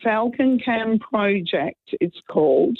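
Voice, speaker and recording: A woman calling into a talkback radio show, hoarse from a cold, talking earnestly and rambling with restarts. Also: medium pitch, expressive, takes it slowly. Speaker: caller. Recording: tinny phone line.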